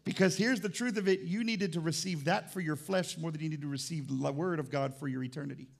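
A man preaches a sermon as pastor of a church, with a high voice and a gravelly texture. He talks to the congregation in a conversational, teasing way and swings between quiet asides and loud, emphatic lines. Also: fast talker.

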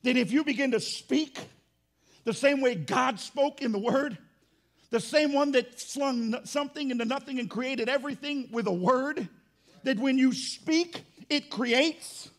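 A man preaching a sermon as pastor, emphatic and rising to shouts. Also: very high-pitched, unhurried.

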